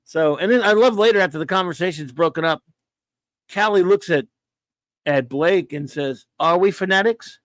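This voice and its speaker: A man's voice: fairly high pitch, normal speed, no room sound. A man talking casually as a guest, rambling enthusiastically and acting out quoted dialogue. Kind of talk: casual chat.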